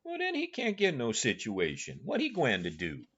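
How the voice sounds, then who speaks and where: A stubborn, earnest backwoods man drawls in thick rural Southern speech, digging in on every point, as a male audiobook reader puts him on. His voice rises and falls in a lively way. The audio is a touch dull and lo-fi. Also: medium pitch, normal speed, husky, heavily acted. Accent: Southern US rural dialect. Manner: drawling, dialect-heavy, dogged. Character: uneducated older man, stubborn and earnest in argument.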